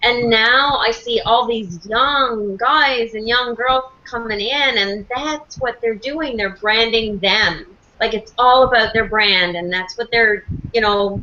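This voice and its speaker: A woman's voice: on the high side, unhurried, hardly any pauses, pushed and bright. A woman speaking on a casual group call, chatty and rambling, with many fillers. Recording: dull call audio with faint noise.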